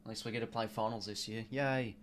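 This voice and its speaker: A man's voice: on the low side, steady tone, fast talker, slight background noise. An Australian man hosting a live football watch-along, talking in a casual, rambling and exasperated way, swearing now and then and reading out viewer donations.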